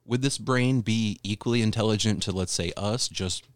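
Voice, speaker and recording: A man's voice: fairly low pitch, moderate pace. A man in casual podcast chat, earnestly explaining ideas with plenty of fillers.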